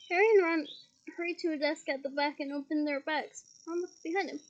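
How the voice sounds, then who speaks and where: Woman reader, high voice, chatty asides, lo-fi home recording. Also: fairly even intonation, brisk. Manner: breaks off with chatty asides and laughs at slips. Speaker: audiobook reader. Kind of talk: reading a novel aloud.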